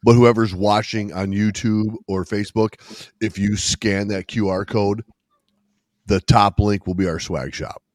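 A man co-hosting a casual podcast, talking in a halting, joking way. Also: on the low side, steady tone, a little mellow, dry recording, clean studio sound. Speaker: podcast co-host. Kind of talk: casual chat.

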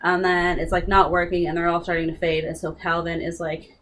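A woman's voice: lowish voice, flat delivery, fairly quick, fairly bright tone, a little hiss or hum. A young woman casually retelling a book's plot, rambling with lots of "like" and restarts. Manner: rambling, filler-heavy with frequent "like". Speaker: book discussion co-host. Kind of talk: casual chat retelling a book.

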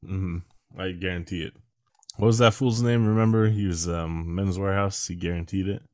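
A man's voice: deep voice, fairly even intonation, normal speed, darkish tone, no room sound. A young man co-hosting a podcast in casual chat, with a dry, joking, sarcastic manner. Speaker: podcast co-host.

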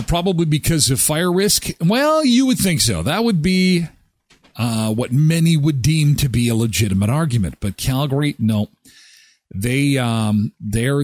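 A man in his thirties hosting a live daily show, chatting casually and joking with lively jumps in his voice. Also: on the low side, no echo. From Canada. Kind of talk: casual solo commentary.

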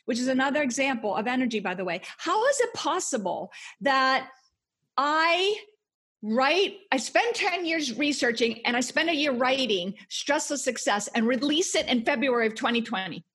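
Passionate breathy woman, high voice. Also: expressive, moderate pace, a bit bright. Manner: passionate, emphatic motivational talk. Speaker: author and guest. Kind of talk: podcast interview.

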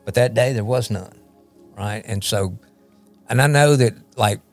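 A man's voice: fairly low pitch, measured pace, soft background music. A man shares his personal testimony as a podcast guest, rambling and repeating words as he talks. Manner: rambling, repeats words, often asks "you know what I mean?". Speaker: guest, recovery ministry leader.

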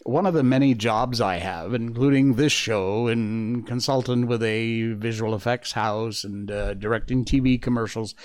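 A man from Connecticut hosts a casual political podcast. He rambles along with plenty of fillers and the odd chuckle, and his voice sits at an ordinary pitch for a man. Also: steady tone, normal speed, few pauses. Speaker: podcast host and voice actor.

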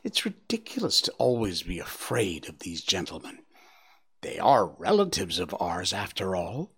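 A man's voice: sits low, huge pitch swings, moderate pace, fairly bright tone, slightly rough, pitched below the performer's own voice, exaggerated voice. A man doing Bambi, an earnest young buck. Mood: coaxing. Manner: earnest, reassuring. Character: young male deer, earnest and brave.

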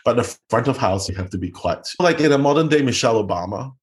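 A middle-aged man from Singapore with a Singaporean accent, telling stories in a casual interview, animated and often laughing. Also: mid-range voice, fast talker. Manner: animated, laughs often, quotes people in put-on voices. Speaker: guest.

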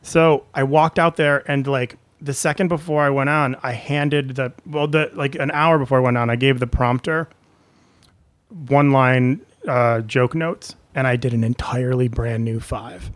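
A man's voice: mid-range voice, normal speed, no room sound. A man, a comedian guest, telling stories in a casual chat and acting out the people he quotes. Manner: animated storyteller, acts out quoted people.

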